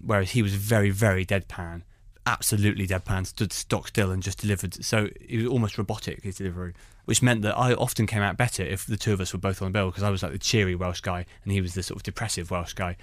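Comedian guy rattling off stories quick, lowish voice, dry close sound. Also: no room sound. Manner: animated storytelling. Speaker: stand-up comedian. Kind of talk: conversational anecdotes.

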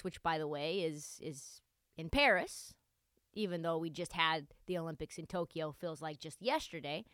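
A young woman hosting a solo sports podcast, talking in a sarcastic, animated, joking way. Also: on the high side, clear, resonant tone, no room sound, studio quality. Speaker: podcast host.

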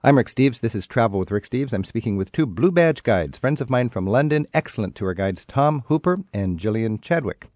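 A man's voice: medium pitch, expressive, moderate pace, few pauses, a little mellow, no echo. A man hosting a travel radio show, chatting keenly and steering the talk with questions. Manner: chatty, enthusiastic, leads with questions. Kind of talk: conversational radio interview.

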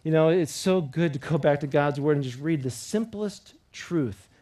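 Male pastor, sermon, slightly high voice, earnest call-and-response preaching, loud to hushed. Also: moderate pace. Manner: earnest, repeats key phrases and leads the congregation in call-and-response; swings between loud emphatic preaching and quiet intimate appeals.

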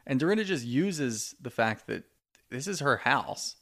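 A man's voice: medium pitch, animated, measured pace, fairly bright tone. A man co-hosting a podcast, chatting in a laid-back, wry way and swearing freely. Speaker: podcast co-host. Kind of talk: casual chat recapping reality TV.

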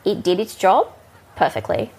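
A woman's voice: mid-range voice, lively intonation, normal speed, a little mellow, husky. A woman with a mixed Kiwi and Northern Californian accent telling a casual, crude, rambling bar story full of fillers. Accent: Kiwi and Northern Californian mix. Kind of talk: casual spoken anecdote.

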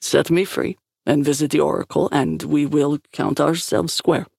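A guilt-ridden, resigned man, heavy and slow in his speech, voiced by a woman reading a story. His tone is gravelly and low. The sound is dry and close. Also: very animated, a little mellow, no room sound, full character voice. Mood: solemn. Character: guilt-ridden cursed Russian man, bitter.

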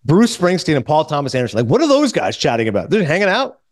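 A man hosting a podcast, telling a story in casual chat and quoting others in quick asides. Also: on the high side, huge pitch swings, no room sound, clean studio sound. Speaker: podcast host.

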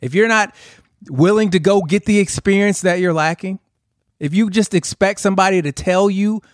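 A man's voice: sits high, normal speed, no echo, studio quality. A man co-hosting a podcast, ranting emphatically in casual chat and swearing freely. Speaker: podcast co-host.

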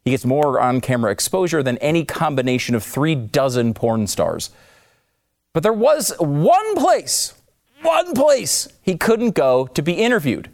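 A man hosting scripted political commentary, sarcastic and mocking with emphatic swings in delivery. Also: on the high side.

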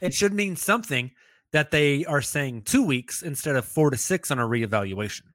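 A man co-hosting a podcast, talking in a chatty, animated way with quick asides. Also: on the high side, no echo, clean studio sound. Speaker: podcast co-host. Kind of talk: casual sports chat.

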